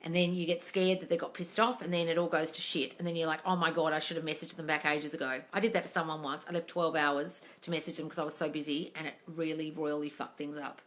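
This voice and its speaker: A woman's voice: low-pitched, little pitch movement, fast, hardly any pauses. A woman coach reading viewer questions aloud on a casual live stream, blunt and full of swearing, calling everyone darling.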